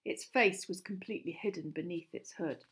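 A woman narrating a storybook aloud in an expressive, dramatic style. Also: fairly low pitch, moderate pace, noisy background. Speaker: audiobook narrator. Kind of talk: scripted narration.

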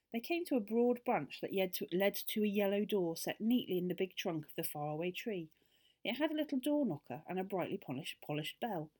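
Animated, husky woman reading aloud. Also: on the low side. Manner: expressive, animated. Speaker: storyteller. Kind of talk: children's story reading.

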